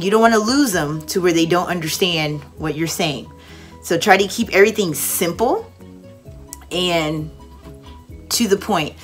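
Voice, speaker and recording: A young woman mentoring online English teachers in a casual, lively way, acting out a cheerful classroom voice at times. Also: lowish voice. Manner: lively, demonstrates with exaggerated teacher voice. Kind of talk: casual instructional talk.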